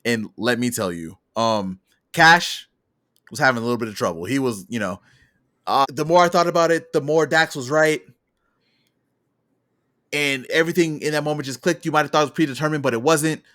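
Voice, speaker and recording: A man's voice: mid-range voice, fairly quick, long pauses, fairly bright tone. A man co-hosting a podcast, casually recapping a wrestling show in rambling detail. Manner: rambling storyteller, acts out quotes from the show. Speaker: podcast co-host.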